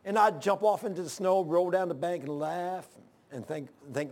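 Folksy older man preaching, fairly high voice. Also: normal speed. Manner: folksy storytelling, bursts into loud exclamations. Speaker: pastor. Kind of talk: informal sermon.

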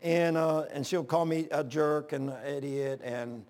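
Older guy preaching casual, folksy stories, voice sits kinda high, yells out now and then. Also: steady tone, a little slow, background noise. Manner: folksy storytelling, bursts into loud exclamations. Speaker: pastor. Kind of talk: informal sermon.

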